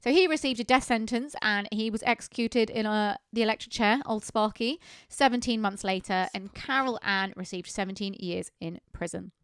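A woman chats her way through true crime cases on a podcast. She talks briskly and conversationally, dropping in offhand remarks. The sound is dry and close, with no room around her voice. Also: medium pitch, fairly bright tone, clear, resonant tone, dry recording. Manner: brisk, conversational storytelling with casual asides. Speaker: podcast co-host.

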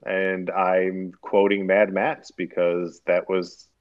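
A man's voice: sits low, flat delivery, takes it slowly, highs cut off. A man talking hesitantly with chuckles as a guest in a casual group chat. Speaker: podcast guest.

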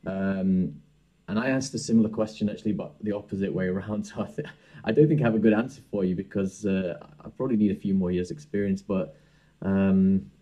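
Low, mellow man hosting a podcast. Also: fairly even intonation, fairly quick. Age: young adult. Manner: hesitant, many fillers and restarts. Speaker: podcast host and dentist. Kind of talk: casual interview chat.

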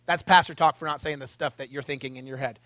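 A man preaching a conversational sermon podcast as a pastor, animated and chatty, with wry asides and quoted voices. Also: medium pitch, fast, no echo.

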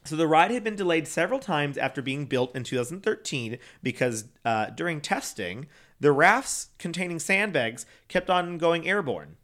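A young man tells a story in a loose, rambling way, dropping swear words and laughing between thoughts. His voice sits a little high for a man. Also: lively intonation, moderate pace, a bit bright. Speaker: podcast co-host. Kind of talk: casual chat.

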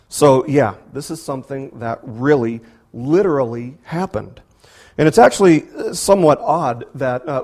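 Animated man preaching a sermon. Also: fairly high pitch. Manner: animated, rhetorical questions, repeats words. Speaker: pastor.

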